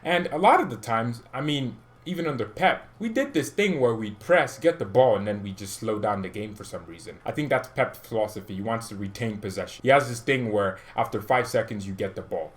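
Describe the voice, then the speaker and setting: A man hosting a fan channel, ranting about his team in an excitable, jokey way with loud outbursts. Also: medium pitch, fairly quick, few pauses. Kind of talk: excitable football fan commentary.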